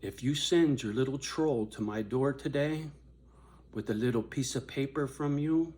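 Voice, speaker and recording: Older guy ranting at his phone, swears a lot, goes quiet and mean then loud, regular pitch voice. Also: moderate pace. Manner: confrontational, profane, swings from low muttering to raised shouting. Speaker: vlogger addressing his viewers. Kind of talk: angry direct-to-camera rant.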